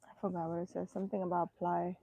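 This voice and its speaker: A woman energy healer chatting casually outdoors, answering viewer comments aloud in an unhurried way, her throat irritated so her voice keeps catching. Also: fairly low pitch, flat delivery, warm tone. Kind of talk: casual live chat. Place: outdoors in the sun, birds around.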